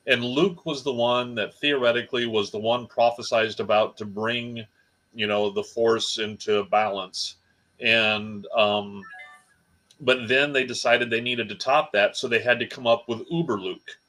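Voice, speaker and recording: A man co-hosting a podcast, telling stories in casual chat with animated punchlines. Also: mid-range voice, unhurried, low-quality recording. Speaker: podcast co-host.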